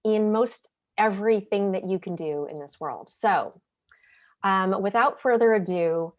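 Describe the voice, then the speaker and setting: A woman's voice: medium pitch, unhurried, lo-fi sound. Chatty American woman hosting a webinar. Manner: friendly, chatty, many ums. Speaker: webinar host and leadership trainer. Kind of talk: interactive online webinar. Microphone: video call.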